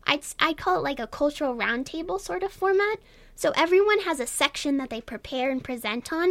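A young woman with a high, girlish voice, talking as a guest in a casual radio interview, chatty and self-deprecating, laughing often. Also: no echo. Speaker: guest, student radio presenter. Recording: dry studio sound.

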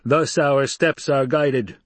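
A man voicing a bearded desert chieftain who speaks with flat, measured dignity. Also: mid-range voice, dry recording, voice pushed up. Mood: solemn.

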